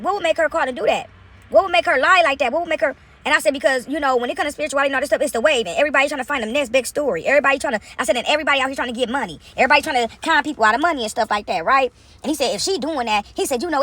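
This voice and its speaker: Casting: bright, high-voiced woman, quick casual storytelling. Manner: animated, talks straight to viewers with frequent "right?".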